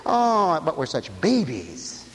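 A man preaching with a high voice that leaps all over the place, crying out some lines and chuckling through others. His sermon rings with a long reverb, as in a big church hall. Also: takes it slowly. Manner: animated preaching, shouting and laughing at his own jokes. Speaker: pastor. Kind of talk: radio sermon.

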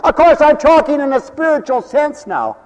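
A man's voice: extremely high pitch, big pitch swings, normal speed, a little mellow, lo-fi sound. A middle-aged or older man preaching a folksy, joking sermon that rises into fervent hallelujahs. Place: church mission hall. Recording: echoey hall.

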